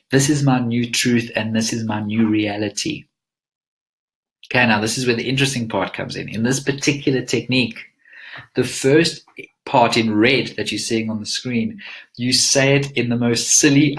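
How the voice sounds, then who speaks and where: A man's voice: mid-range voice, fairly even intonation, normal speed, a bit bright. A man presenting a live webinar as a mindset coach, teaching in an earnest, emphatic coaching tone.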